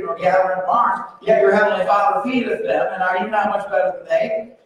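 A man preaching a sermon as pastor, telling the story in a folksy, humorous way and acting out the voices. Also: high-pitched. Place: church sanctuary. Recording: echoey hall, mic far off.

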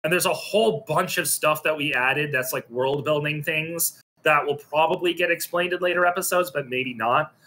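A man's voice: fairly high pitch, normal speed, few pauses, pushed and bright. A man casually retelling a role-play episode over a voice call, hesitant and full of ums and restarts. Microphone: computer mic on a voice call.

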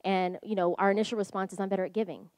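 A woman's voice: mid-range voice, steady tone, very fast, a little mellow, dry recording. A woman talking casually to a live audience, chatty and a little self-deprecating, with hesitant restarts. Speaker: co-speaker at a community gathering.

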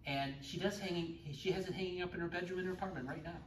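A man's voice: high-pitched, fast, background noise. A middle-aged man teaching a church confirmation class in a chatty way, joking with his students. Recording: echoey room, far from the mic.

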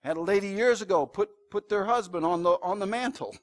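Emphatic high-voiced man preaching. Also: a little fast. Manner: conversational preaching with emphatic rises, anecdotes and asides to the congregation. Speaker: pastor. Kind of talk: sermon. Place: church sanctuary.

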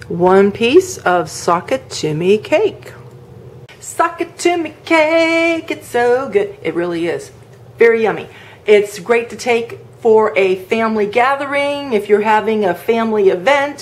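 Chatty woman demonstrating a cake recipe. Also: medium pitch. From northern United States. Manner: chatty, rambling with fillers and asides. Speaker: home cooking video host. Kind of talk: casual cooking demonstration.

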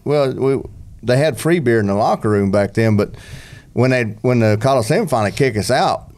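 A man's voice: medium pitch, moderate pace, darkish tone. A man, a former bull rider telling a rambling story on a podcast, full of restarts and country slang.

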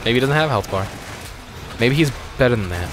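A young man co-hosting a let's play, joking loudly and swearing while gaming. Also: medium pitch, animated, fairly quick, a little hiss or hum. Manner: loud, profane, jokey, puts on silly voices. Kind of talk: casual gameplay banter.

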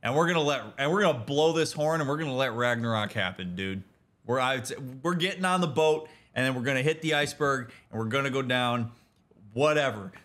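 A man giving casual, animated let's-play commentary as a therapist, talking in slang with restarts and leaping into excited outbursts. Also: mid-range voice, brisk. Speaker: therapist commenting on a video game.

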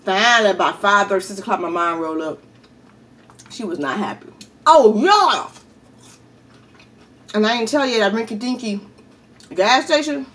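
A middle-aged woman vlogger telling a story in a chatty, animated way and often calling out to her viewers. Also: mid-range voice, recorded from a distance. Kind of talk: casual storytelling.

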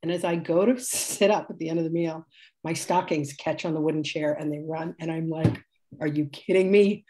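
Speaking low and mellow, this woman in her sixties teaches a spiritual class live, though her delivery comes across flat and brisk. She rambles chattily through casual stories, laughing frequently and stopping to correct herself.

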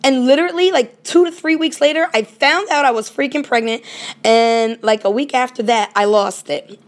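A woman's voice: high-pitched, moderate pace. A woman paranormal vlogger ranting casually and indignantly straight to her viewers. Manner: animated, indignant, talks to viewers directly. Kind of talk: casual direct-to-camera rant.

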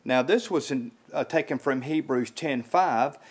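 A man preaching an informal sermon in a small house church, halting and repeating words with many fillers, his voice rising when he stresses a point. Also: medium pitch, husky. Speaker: lay preacher.

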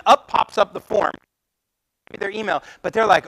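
A man speaking at a meetup, giving a lively presentation and acting out conversations with clients. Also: high-pitched, normal speed, gravelly, long pauses, no echo, rough recording. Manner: animated, acts out client conversations. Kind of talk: live presentation to a meetup audience. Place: meetup room.

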